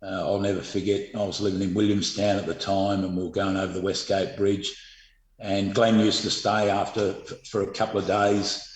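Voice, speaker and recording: A middle-aged Australian man, a former footballer, telling stories in a rambling, halting way full of fillers and restarts. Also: sits low, level tone, reverberant, low-quality recording. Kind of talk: casual storytelling interview.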